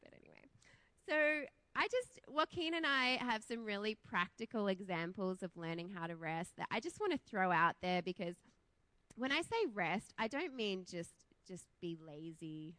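Lively Australian woman preaching casually. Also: mid-range voice, normal speed, no room sound. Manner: chatty, laughs often, self-deprecating. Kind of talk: casual sermon. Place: church.

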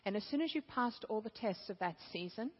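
A woman preacher telling stories with animated, laughing delivery during a sermon. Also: medium pitch, fairly quick, husky. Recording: dull, echoey hall.

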